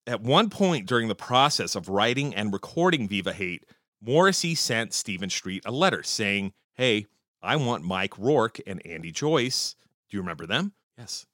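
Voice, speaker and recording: Animated, swearing man ranting about music. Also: dry recording, studio quality. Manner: profane, opinionated and animated, with frequent swearing; pitch jumps high when excited. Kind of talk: casual music-history monologue.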